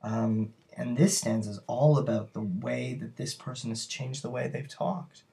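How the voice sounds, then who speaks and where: A man's voice: medium pitch, steady tone, moderate pace, creaky, warm tone. A man teaching a poetry lesson, talking it through thoughtfully and searching for words as he explains.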